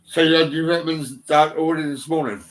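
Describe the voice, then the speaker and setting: A man's voice: on the high side, steady tone, brisk. A middle-aged man chatting at home into a phone, rambling with lots of swearing, ums and restarts. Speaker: vlogger. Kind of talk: casual rambling chat. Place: indoors at home, on a settee.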